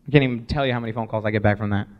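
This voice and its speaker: A man presenting a live sales workshop, energetic, acting out sample voicemails as he teaches. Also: on the low side, racing, muffled recording.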